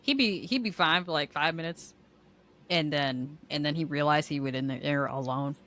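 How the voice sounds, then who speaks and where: A woman's voice: low-pitched, normal speed, a bit bright. A young woman co-hosting a podcast, chatting candidly and laughing often. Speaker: podcast co-host. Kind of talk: casual chat.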